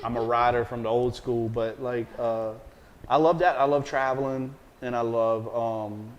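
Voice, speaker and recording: A man with a Southern American accent, a private chef chatting in an interview, animated and rambling, joking and swearing casually. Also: mid-range voice, moderate pace, lo-fi sound, slight background noise.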